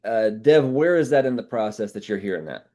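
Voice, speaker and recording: A man with a lowish voice runs a training session for an insurance sales team, talking briskly. He's brash and animated, and he swears casually as he goes.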